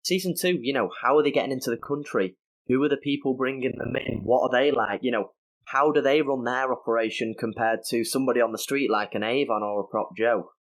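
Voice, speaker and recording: A British man appears as a podcast guest, chatting casually in loose, conversational speech full of fillers. His voice is mid-range and brisk.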